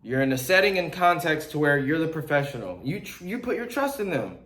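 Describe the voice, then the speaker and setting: A young man coaching beginners in a blunt, animated, slangy way, acting out sales calls as he teaches. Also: fairly high pitch, brisk. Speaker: real estate wholesaling coach. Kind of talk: casual teaching talk to camera. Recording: echoey room.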